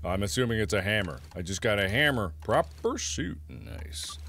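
A man's voice: on the low side, normal speed, gravelly, slight background noise. A man hosting casual gameplay commentary, joking and laughing often. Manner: animated, jokey, laughs often. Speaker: let's-play host.

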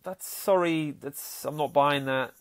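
A man's voice: a little high, unhurried. A man, a podcast host and happiness coach, talking earnestly in a casual monologue and often repeating his words. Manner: earnest, repeats words, acts out voices in stories.

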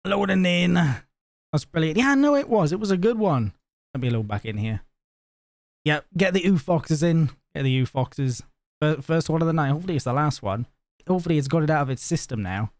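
A man's voice: on the high side, lively intonation, brisk, no room sound. Guy streaming and chatting to chat, jokey, dry close sound. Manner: chatty and joking, laughs often. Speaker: livestreamer. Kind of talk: casual chat with live viewers.

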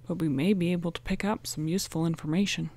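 A woman reading aloud, voicing a level-headed teenage boy detective who speaks calmly and encouragingly. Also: on the low side, quick pace. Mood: steady. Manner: calm and encouraging.

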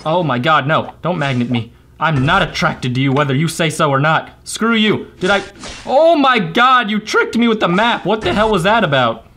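Brief: young male gaming host, bright tense voice a bit high, frantic self-mocking commentary, faint hiss behind. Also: moderate pace. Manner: excitable, self-mocking, swings between shouting and muttering. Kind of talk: let's play commentary.

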